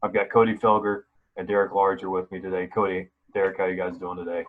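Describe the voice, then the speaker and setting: A man's voice: sits low, flat delivery, fast, narrow, tinny audio. A man hosting a sports podcast, talking casually and rambling with many fillers and restarts. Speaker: podcast host.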